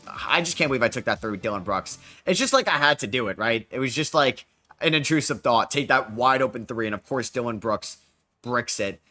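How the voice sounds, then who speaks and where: A young man commentating his basketball video game as he plays, excitable and quick to groan and yell at bad plays. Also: mid-range voice. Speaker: gaming YouTuber. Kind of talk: game commentary while playing.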